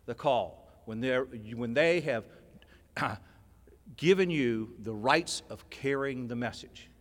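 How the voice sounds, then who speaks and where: A man telling a personal story to a convention audience, animated, swinging from loud, excited stretches to low, quiet asides. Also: slow pace. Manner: animated storyteller, rising to near shouting, dropping low and quiet. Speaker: workshop speaker at a recovery convention. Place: large convention hall. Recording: long hall reverb.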